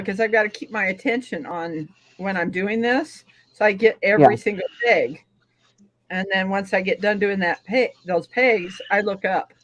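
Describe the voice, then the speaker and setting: A woman's voice: medium pitch, no room sound, poor audio. A woman chatting casually on a home livestream, rambling and repeating herself as she talks about her family and her dog. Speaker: livestream co-host.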